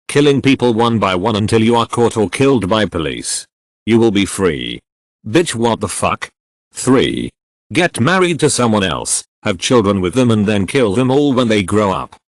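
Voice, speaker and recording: A man with a low voice reads out absurd text-game stories in a deadpan comic style, his pitch swinging widely as he goes. He breaks off now and then with exasperated asides. The recording is dry and close. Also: no echo. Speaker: narrator reading funny AI game stories. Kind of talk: comedic story reading.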